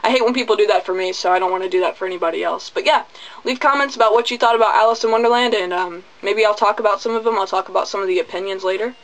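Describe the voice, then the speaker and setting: A man's voice: high-pitched, rapid-fire, fairly bright tone, low-quality recording. A man giving a casual spoken movie review, chatty, goofy and full of profanity. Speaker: video reviewer.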